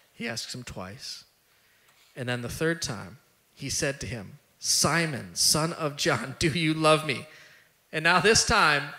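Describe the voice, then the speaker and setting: Man, pastor, casual storytelling sermon, voice bright and forceful, lingering hall reverb. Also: medium pitch. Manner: conversational storytelling, voices the disciples with rising intensity. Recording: long church hall reverb.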